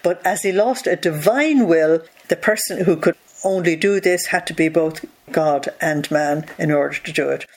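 A devotional teacher reading a spiritual text line by line and then explaining it at length. The voice sits in a middle pitch. The delivery is measured and earnest, with frequent rhetorical asides.

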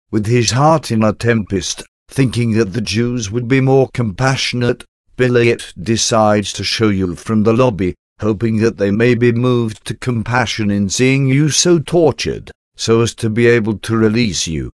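Slow solemn man reading a devotion. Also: lowish voice, expressive, dry recording, clean studio sound. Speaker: devotional reader.

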